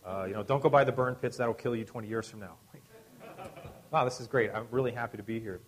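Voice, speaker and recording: A man who serves as a military chaplain, telling a personal story conversationally, with wry humor and a voice that drops to a hush at emotional moments. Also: mid-range voice, fast, low-quality recording. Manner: wry, self-deprecating humor.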